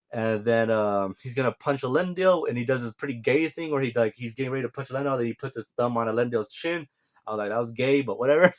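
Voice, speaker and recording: Casual rambling male reviewer. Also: medium pitch. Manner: rambling and sarcastic, with quick paraphrased voices. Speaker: video reviewer.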